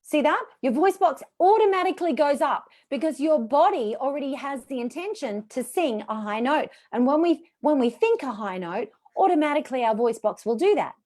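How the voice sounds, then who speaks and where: A woman's voice: high voice, lively intonation, moderate pace, few pauses, a little mellow. Chatty woman voice coach teaching exercises. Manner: instructive, demonstrating vocal exercises; chatty and encouraging. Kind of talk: live online voice workshop.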